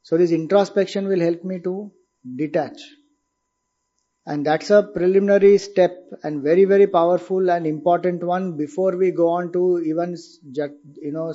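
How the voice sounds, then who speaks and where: A man's voice: a little high, steady tone, moderate pace, warm tone, dull audio. A man with an Indian accent giving a spiritual discourse, explaining patiently and asking his listeners questions. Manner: explanatory, asks rhetorical questions. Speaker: spiritual teacher.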